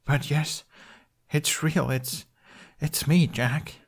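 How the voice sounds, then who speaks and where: A man voicing a nervous, gentle young Viking man whose voice quavers and halts. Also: fairly high pitch, steady tone, takes it slowly, slightly rough, pitched above the performer's own voice, full character voice.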